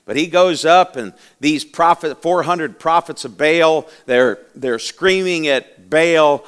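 A man's voice: on the high side, slow, hardly any pauses, fairly bright tone, clean tone. Fiery preacher man. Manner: fiery, dramatic storytelling with acted-out voices. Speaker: pastor. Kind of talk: sermon. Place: church.

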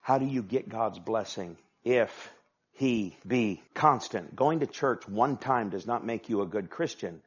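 A male pastor preaching a sermon with emphatic delivery, swinging from hushed asides to loud, forceful passages. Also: lowish voice, expressive, a little slow, slightly rough. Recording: dull lo-fi sound.

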